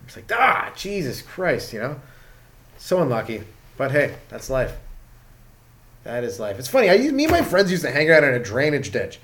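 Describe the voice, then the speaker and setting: A man's voice: medium pitch, sing-song, moderate pace, pauses often. A young man from Canada, a stand-up comedian, rambling through a casual comedic rant full of swearing and "like" fillers.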